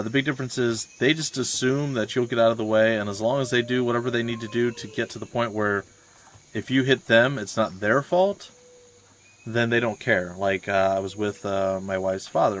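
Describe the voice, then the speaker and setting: A man's voice: on the low side, fairly bright tone, a little hiss or hum. A young adult man, rambling and ranting in casual chat while streaming a game. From Florida, USA. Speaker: let's play streamer.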